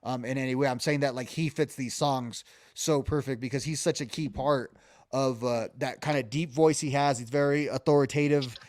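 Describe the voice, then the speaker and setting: A man's voice: medium pitch, steady tone, moderate pace, darkish tone, no echo, clean studio sound. A man co-hosting a casual music podcast, talking loosely with many restarts and fillers. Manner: rambling, many restarts and fillers, hums melodies. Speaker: podcast co-host.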